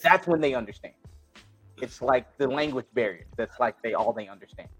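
A man's voice: mid-range voice, animated, brisk, husky, faint music behind. A man co-hosting a casual podcast discussion, talking bluntly and profanely, with frequent restarts. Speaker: podcast co-host.

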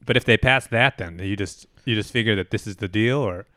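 A man with a lowish, smooth and resonant voice banters on a podcast. His tone is bright and forceful, and the sound is dry. He teases and laughs easily. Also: brisk, no echo. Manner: wry, laughing, teasing. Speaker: podcast co-host. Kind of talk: casual comedic chat.

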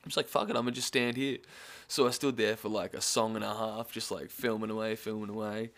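A man's voice: fairly low pitch, level tone, fairly bright tone. A young man with an Australian accent telling a casual story, swearing often and laughing now and then. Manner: laid-back, swears often, quick laughing asides.

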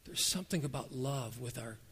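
A man delivers a sermon as a pastor, his voice sitting in an ordinary middle register. He swings between loud, emphatic peaks and soft, hushed stretches. The sound carries a long reverb, as if recorded in a big sanctuary. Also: medium pitch, lively intonation, brisk, husky. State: emotional, near tears. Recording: reverberant hall.

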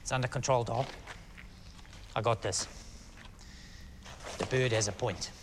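An actor voicing a composed arms-deal broker who keeps his tone level and firm while a standoff threatens to boil over. The line comes from a noisy film clip with a clear hiss underneath. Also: mid-range voice, measured pace, lightly acted. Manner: calm, firm peacekeeping tone. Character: adult male arms-deal broker, cool but strained.

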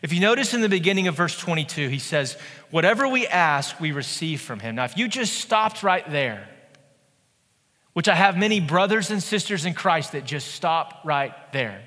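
A man in his thirties preaching a sermon in a church, conversational and animated, with playful asides. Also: high voice, normal speed, big-room sound. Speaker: pastor.

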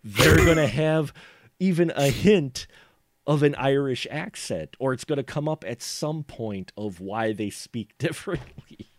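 A man's voice: medium pitch, animated, a little slow, no room sound, clean studio sound. A man from the upper Midwest co-hosting a podcast, rambling and laughing as he talks about films. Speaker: podcast co-host. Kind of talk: casual film discussion.

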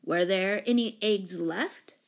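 A woman's voice: mid-range voice, takes it slowly. A woman reading a storybook, voicing a cheeky younger brother who teases and retorts. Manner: teasing, retorting.

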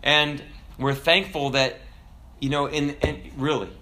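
A man preaching a conversational sermon, quoting scripture and tossing in asides and tag questions, with big swings in pitch and loudness. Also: steady tone, a little slow. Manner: dramatic swings in pitch and volume.

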